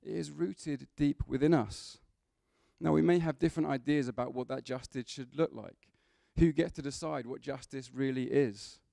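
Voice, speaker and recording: A man preaching in a church, talking to his congregation in an easy, conversational way and dropping in humorous asides. His voice is gravelly and warm-toned, a bit higher than most men's, and the sound is dry and close. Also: moderate pace, dry recording. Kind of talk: sermon.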